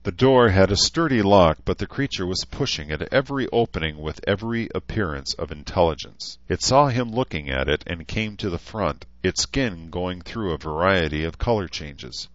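A man reading a novel aloud as an audiobook narrator, steady and even. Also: low-pitched, moderate pace, dry recording. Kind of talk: scripted narration. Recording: dull, lo-fi, dry.

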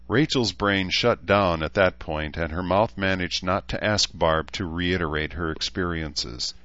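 A man reading a story aloud in steady scripted narration, on a dull lo-fi recording. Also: low-pitched, measured pace, few pauses, no echo. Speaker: audiobook narrator.

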